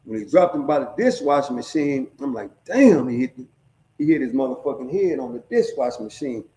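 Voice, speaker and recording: A man's voice: mid-range voice, lively intonation, brisk, dark tone. A middle-aged man casually telling a story, streetwise and profane, often checking in with his listeners. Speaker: storyteller sharing prison stories. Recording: echoey room.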